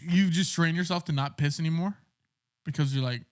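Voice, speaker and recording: A man co-hosting a casual podcast, making deadpan jokes. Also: fairly high pitch, fairly quick. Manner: joking, deadpan quips. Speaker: podcast co-host. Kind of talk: casual chat.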